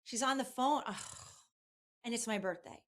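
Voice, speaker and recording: A woman guest in a casual interview, telling an animated story with lots of fillers. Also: on the high side, normal speed. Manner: chatty, animated, many fillers. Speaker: guest, publicist.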